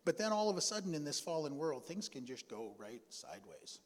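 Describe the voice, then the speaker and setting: A man preaching from the pulpit in a relaxed, folksy storytelling way, full of asides and pauses. His voice sits fairly high for a man. The sound rings out with a long reverb through a big church hall. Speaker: pastor. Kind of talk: storytelling sermon. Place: church sanctuary.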